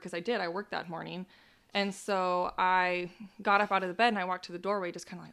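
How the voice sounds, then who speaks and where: A young woman in her twenties telling her story as an interview guest, rushing along with nervous laughs and frequent "like". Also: on the low side, steady tone, a bit bright, clean tone. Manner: talks in a rush with nervous laughs and "like". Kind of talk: personal account in an interview.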